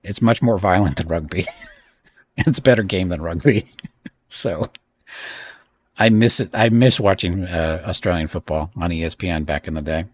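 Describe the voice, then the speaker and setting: A man's voice: low-pitched, normal speed, pauses often. A middle-aged man streaming live, rambling through a games list with opinionated asides to chat. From United States. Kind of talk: casual live-stream commentary.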